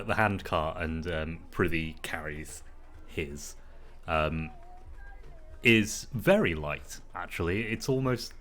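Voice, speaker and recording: A man narrating and playing a tabletop game in a relaxed, rambling way. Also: low voice.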